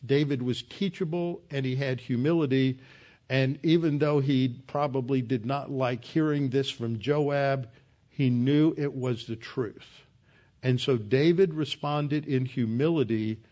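A man preaching an expository Bible sermon, explaining scripture verse by verse. His voice sits at a medium pitch. He talks in an emphatic, earnest way, stressing key points. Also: darkish tone.

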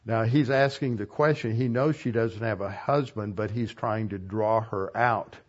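A man giving an expository sermon as a Bible teacher. He reads a passage, then pauses to explain it. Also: on the low side, steady tone, muffled recording.

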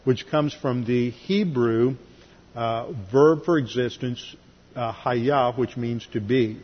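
A man's voice: mid-range voice, takes it slowly, slightly rough. A man teaching a Bible class in a methodical way, walking through verses with dry asides, in a church sanctuary. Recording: lo-fi recording, long hall reverb.

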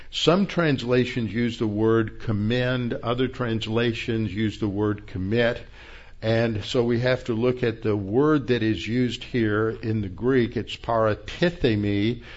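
A man delivers a verse-by-verse sermon in a low voice at an unhurried pace. He teaches methodically, stopping to explain original-language terms. The recording sounds dull and muffled. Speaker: pastor. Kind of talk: expository Bible teaching.

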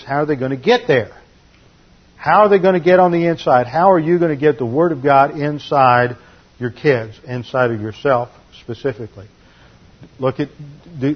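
Male pastor, expository sermon, husky tone, dull lo-fi recording, methodical point-by-point teaching. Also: medium pitch. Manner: methodical teaching, numbered points, steady emphasis.

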